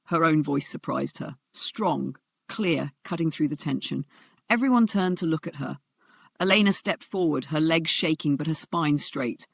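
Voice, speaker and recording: A narrator reading a dramatic story in a steady storytelling voice. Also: medium pitch, normal speed, gravelly, breathy edge, dry recording.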